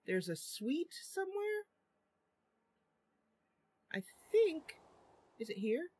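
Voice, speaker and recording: A woman's voice: high-pitched, sing-song, slow, dark tone, dry recording. A woman livestreaming a role-playing game, chatting casually and laughing often as she reads the dialogue. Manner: giggly, chatty, frequent laughs. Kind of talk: casual gameplay livestream with read-aloud dialogue.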